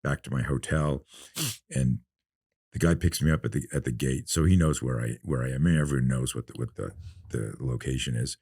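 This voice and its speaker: Deep-voiced man telling stories. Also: fairly quick, gravelly, husky, no echo, studio quality. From North America. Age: 50s. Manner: relaxed storyteller who acts out quoted dialogue. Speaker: podcast guest, self-defense instructor. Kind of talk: casual storytelling interview.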